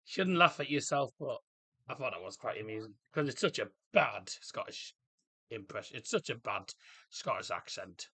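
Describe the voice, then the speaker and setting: A man hosting a casual live football watchalong, chatting in a rambling, jokey way and reacting loudly to the game. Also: medium pitch, animated, moderate pace, breathy edge. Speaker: livestream host. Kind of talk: casual match watchalong chat.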